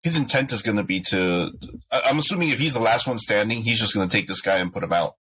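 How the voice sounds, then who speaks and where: A man in a tabletop role-playing game thinks aloud about his move, pausing on fillers. His voice sits low yet has a bright, forward edge. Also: slightly rough, low-quality recording.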